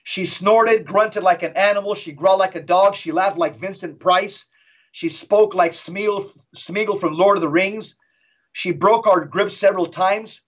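A middle-aged man appears as a guest on an interview show, telling a dramatic story intensely and emphatically, slowing down for effect. His voice is high and husky, and the audio is dull and lo-fi.

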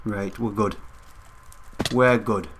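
This young gaming channel host plays and talks directly to his audience in a relaxed, chatty way. His voice is on the low side and steady, slow in pace and a bit bright, and there is a little hiss or hum in the recording.

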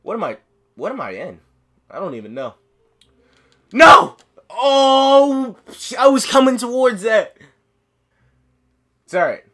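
A man giving excitable live gameplay commentary, yelling, chanting cheers and talking himself through nervous moments. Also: very high voice, unhurried, pauses often. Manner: yells and chants, sings cheers, flustered self-talk. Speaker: gaming commentator.

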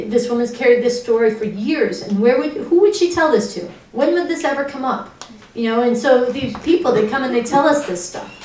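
A woman activist speaking in an impassioned, urgent way, telling stories from street actions. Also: on the high side. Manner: urgent, earnest, storytelling. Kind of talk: impassioned spoken talk. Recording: roomy echo, distant mic.

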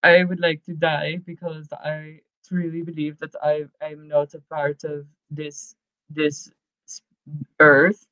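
A woman voicing a gloomy young male musician who longs to die, speaking in a flat, quiet way with a put-on vague European accent. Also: deep voice, slow pace, dry recording, pitched below the performer's own voice. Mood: mopey. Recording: dull lo-fi podcast mic.

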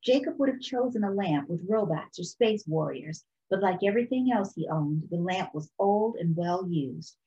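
A woman reading a children's picture book aloud for storytime in a calm, expressive way. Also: fairly low pitch, normal speed, few pauses, muffled recording. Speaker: storytime reader.

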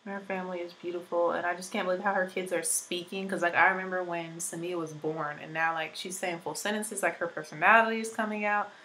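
Twenties female vlogger, lowish pitch, casual filler-heavy tutorial chat, just getting over an illness. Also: fairly even intonation, a little fast, hardly any pauses, pushed and bright, slight background noise, rough recording. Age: 20s. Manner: chatty, rambling, many "like" fillers. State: recovering from illness. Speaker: beauty vlogger.

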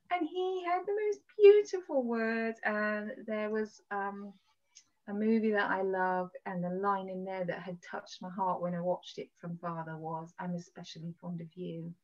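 A woman hosting a faith podcast, telling a personal story in a casual, animated way over a video call. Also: mid-range voice, unhurried. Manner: animated storytelling, acts out quoted voices. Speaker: podcast host sharing a testimony. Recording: dull lo-fi video-call audio.

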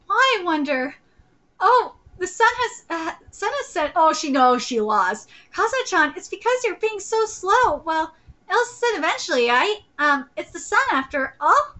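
A woman streaming a live reaction, reading a comic's dialogue aloud and breaking into shrieking, excited fan outbursts. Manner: switches between low, even reading and shrieking fan excitement.

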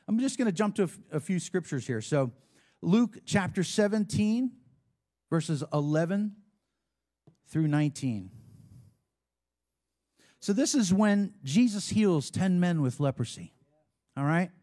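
A man's voice: high-pitched, expressive, measured pace, pauses often, mellow. A man preaching a sermon as a pastor, talking in a conversational way with frequent asides and call-and-response with the congregation.

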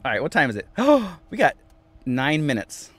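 Chatting from inside his van, a vanlife livestream host reads viewer comments aloud in a playful way, repeating phrases. His voice is fairly high and fairly bright with huge pitch swings, at normal speed, and the recording is dry.

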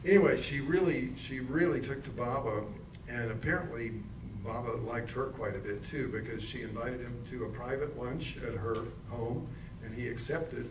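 A man's voice: mid-range voice, normal speed, noisy background. A man, a musician, introducing songs at a live concert with rambling anecdotes. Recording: roomy, distant mic, music.

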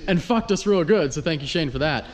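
A man's voice: on the high side, lively intonation, fairly quick, roomy sound. A man in his twenties, a car vlogger in casual vlog talk, loose and joking, who swears freely. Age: 20s.

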